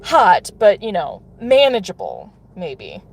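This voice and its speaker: A chatty woman with a voice of ordinary pitch, talking to her viewers while she plays a game in a parked car. She giggles often and talks loosely. Faint car noise runs underneath. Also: wildly swooping pitch, slow pace, vocal fry. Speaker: mobile game streamer. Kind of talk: casual live-stream chat while playing. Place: in a car, pulling over.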